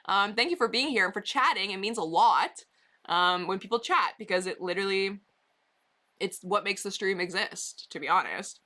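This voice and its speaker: Brief: chatty woman streamer with a bright, sharp voice, casual and rambling, talking to viewers from her basement. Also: medium pitch, normal speed. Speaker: livestreamer. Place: basement bedroom.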